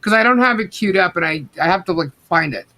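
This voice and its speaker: A woman's voice: on the low side, animated, fast talker, bright, forceful tone. Woman co-host for a casual live chat stream; blunt, rambling delivery with plenty of swearing. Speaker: co-host of a livestream. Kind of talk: casual livestream commentary.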